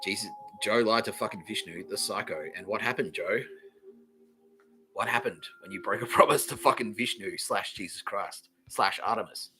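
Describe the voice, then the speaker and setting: A low-pitched man with a tense, forceful edge rambles through a comedy podcast monologue. He swears freely and breaks into laughter mid-sentence, loud and excitable. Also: normal speed, a little hiss or hum, low-quality recording. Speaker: podcast host.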